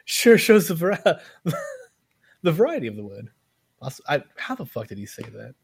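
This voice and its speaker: A man's voice: a little high, sing-song, moderate pace, creaky, breathy edge. A man co-hosting a podcast, joking and telling stories in casual chat. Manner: joking, laughs easily, storytelling. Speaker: podcast co-host.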